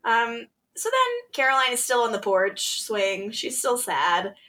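A woman co-hosting a podcast, casually recapping episodes, animated and laughing often as she acts out quotes. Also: fairly high pitch, a little slow, slight background noise. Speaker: podcast co-host.

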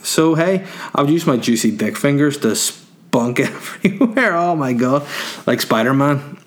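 A man's voice: fairly high pitch, animated, measured pace. A man doing a crude, rambling comic monologue, answering listener questions and laughing at his own jokes.

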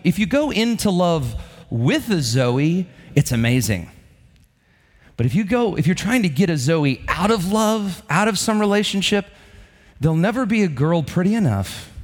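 A man delivers a sermon in a lively, animated voice, his pitch rising and falling freely. His tone is conversational, and he keeps checking in with his listeners with a quick "right?" His voice sits a little high for a man, with a faint lilt. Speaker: pastor.

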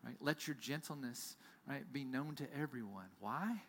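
A man preaching a sermon as pastor, telling stories with big swings from loud to near-whisper. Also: mid-range voice, normal speed, a little hiss or hum. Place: church.

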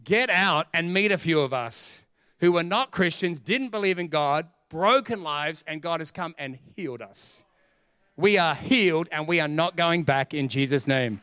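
High, bright-voiced preaching man. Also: normal speed, clear, resonant tone, dry recording. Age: middle-aged. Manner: energetic, joking, emphatic preaching. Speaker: pastor. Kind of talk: sermon.

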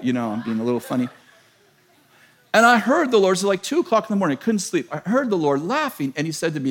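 A middle-aged man preaching a sermon, telling a story in an animated, self-mocking way and laughing often. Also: a little high, fast.

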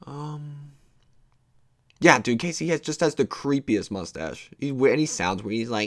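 A man's voice: medium pitch, unhurried, fairly bright tone, no echo. A young man hosting his own podcast, rambling casually with many fillers and loose, meandering thoughts. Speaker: podcast host.

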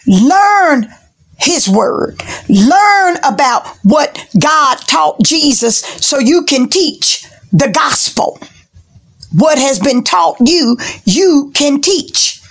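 A woman preaching a sermon in a slow, rhythmic style, repeating phrases and sometimes dropping to a hushed, whispery delivery. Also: high-pitched, sing-song.

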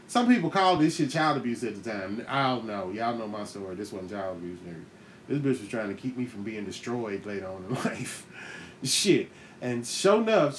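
A man hosting a podcast, telling a comic story in a profane, animated way, laughing often and acting out the voices in it. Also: medium pitch, a little hiss or hum. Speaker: podcast host. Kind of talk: comedic storytelling monologue.

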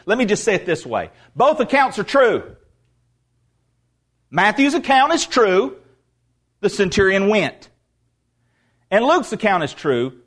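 A male pastor preaching a sermon in an emphatic way, repeating words for stress. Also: a little high.

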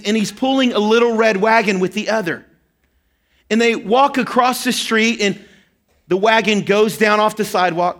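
Man, pastor, sermon, high voice, earnest storytelling. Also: a bit bright. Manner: earnest storytelling, acts out quoted prayers.

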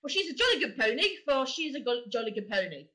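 A brash thirteen-year-old girl with a thick Cockney accent, as a woman puts her on. Her voice sits high and sharp, and she talks with bold, careless sass. The woman reads her lines in a podcast interview. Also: very animated, fast, full character voice. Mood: sassy. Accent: Cockney British.

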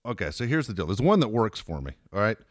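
A man's voice: lowish voice, very animated, fast, dry recording, studio quality. A man co-hosting a podcast in crude casual chat, swearing, laughing and telling stories, on cold medicine. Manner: profane, laughing, storytelling. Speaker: podcast co-host.

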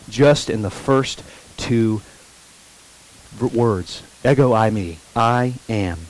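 A male pastor preaching a sermon, repeating key phrases slowly for emphasis and putting questions to the congregation. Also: fairly low pitch, a little mellow, poor audio.

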